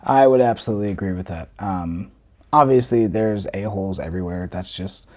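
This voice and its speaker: A man's voice: sits low, fairly quick, darkish tone. A young American man hosting a reaction video, talking casually and often restarting his sentences. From United States. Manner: chatty, trails off and restarts. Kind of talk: casual commentary.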